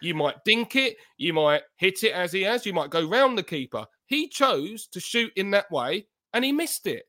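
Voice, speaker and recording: A man's voice: high voice, very animated, moderate pace, few pauses, bright, forceful tone. A man, a football podcast pundit talking in heated, emphatic casual chat and repeating his points.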